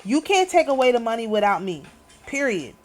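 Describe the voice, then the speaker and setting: High-voiced woman ranting indignantly. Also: very animated, fairly quick, faint music behind. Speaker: channel host. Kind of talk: casual vlog commentary.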